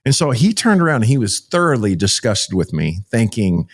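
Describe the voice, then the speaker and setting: A pastor, a man from Texas, telling a story as a podcast guest in a folksy, animated way. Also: lowish voice, moderate pace, few pauses, slightly rough. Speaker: pastor and ministry founder, guest.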